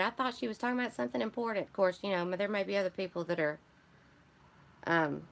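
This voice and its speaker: A woman's voice: mid-range voice, animated, a little fast, creaky. Chatty woman with a Michigan accent. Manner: rambling, chatty, greets and answers viewers. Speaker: craft channel host. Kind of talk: casual live-stream chat.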